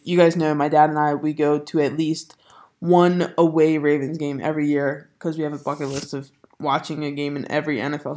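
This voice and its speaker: A young woman from the Baltimore area hosting a casual podcast, stuffy and nasal, rambling excitedly and swearing casually. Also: deep voice. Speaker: podcast host. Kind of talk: casual chat. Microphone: studio mic.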